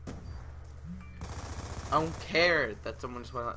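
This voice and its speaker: A young man giving chatty commentary over his gameplay, often breaking into loud, raging yells, on a desktop mic at home. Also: mid-range voice, normal speed, long pauses, slight background noise. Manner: chatty, often bursting into yelling rage. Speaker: gaming channel host. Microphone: desktop USB mic with pop filter.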